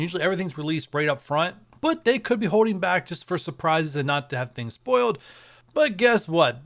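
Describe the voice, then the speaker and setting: Speaking in a high voice, this man goes over mobile game updates for his viewers on screen capture, keeping it casual, chatty and speculative as a video creator.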